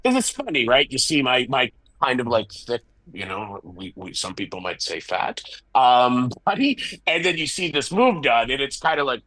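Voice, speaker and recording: A middle-aged man, a wrestling promoter, telling candid stories in an interview, animated and self-deprecating. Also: mid-range voice, moderate pace, no echo, rough recording.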